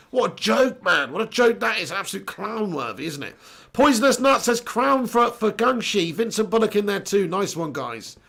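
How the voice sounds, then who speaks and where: A man's voice: high-pitched, vocal fry, a bit bright. A young English man hosting a casual live stream, reading chat comments aloud, joking, laughing and swearing casually.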